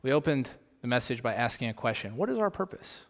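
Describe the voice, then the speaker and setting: A male pastor delivering a sermon, posing rhetorical questions and swinging from loud emphasis to soft asides, in a long hall reverb. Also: mid-range voice, sing-song, fast talker.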